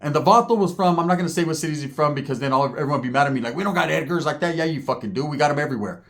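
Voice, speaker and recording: A man's voice: on the high side, racing. A man vlogging, telling comic stories in slangy, cursing talk and often asking the listener for agreement. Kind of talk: profane comic storytelling.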